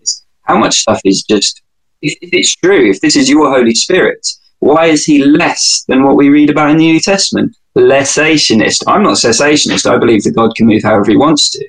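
A man's voice: medium pitch, expressive, moderate pace, husky, low-quality recording. A British man speaking as a podcast guest in a casual, wry, digressive way, fond of analogies. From United Kingdom. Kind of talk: casual conversational interview.

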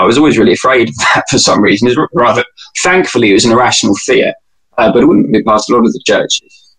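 A man's voice: mid-range voice, fast talker, fairly bright tone, breathy edge, rough recording. A British man speaking as a podcast guest in a casual, wry, digressive way, fond of analogies. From United Kingdom. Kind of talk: casual conversational interview.

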